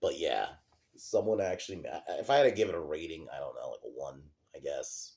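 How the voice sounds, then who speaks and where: A young man with a very deep voice rants about a film in a loose, sarcastic way, swearing freely and leaning on fillers. His pitch swings widely as he mocks what he saw. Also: expressive, a little fast, creaky, darkish tone. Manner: sarcastic, profane, heavy use of fillers. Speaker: movie reviewer. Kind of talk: casual ranting commentary.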